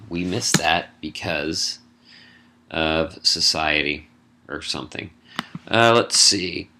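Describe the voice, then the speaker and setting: A man's voice: low voice, bright, forceful tone. A middle-aged man, a college English instructor, casually walking students through an essay assignment with wry asides. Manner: casual, wry asides, lists points briskly. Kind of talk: recorded lecture explaining an assignment.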